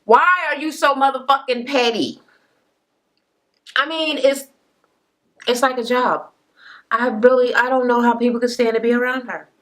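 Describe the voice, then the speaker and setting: A woman's voice: steady tone, moderate pace, pauses often, fairly bright tone. A woman recapping a reality show in a casual, profane rant, acting out the cast members' lines. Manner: sassy, profane, acts out cast members' quotes in higher voices.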